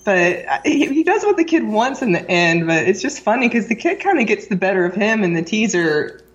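Female podcast co-host, mid pitch, animated intonation, loose and chatty. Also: moderate pace, muffled recording. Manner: chatty, many "like" fillers. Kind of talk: casual chat about a sitcom episode.

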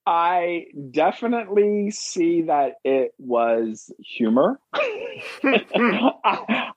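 A man's voice: sits high, animated, very slow, dry recording. A man co-hosting a podcast, chatting casually and thoughtfully about comic books with frequent fillers. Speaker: podcast co-host. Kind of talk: casual comic book discussion. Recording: dull dry recording.

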